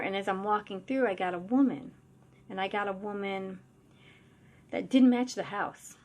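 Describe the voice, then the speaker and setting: A woman's voice: on the low side, vocal fry, slight background noise. Chatty woman telling a spooky story. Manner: chatty and animated, full of 'like' and asides; blunt, swears casually. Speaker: psychic medium. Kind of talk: casual storytelling to camera.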